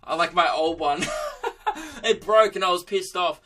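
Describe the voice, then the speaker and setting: A man's voice: high voice, normal speed, noisy background. A young Australian man hosting his own podcast, rambling through a sweary, self-mocking comic monologue. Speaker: comedian podcast host. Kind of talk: comedic monologue.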